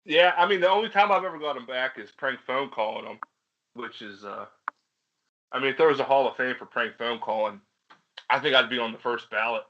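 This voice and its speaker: A man's voice: mid-range voice, brisk, bright, forceful tone, highs cut off. A young man, co-hosting a podcast and telling rambling, profane stories while laughing at himself. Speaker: podcast co-host. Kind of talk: casual storytelling chat.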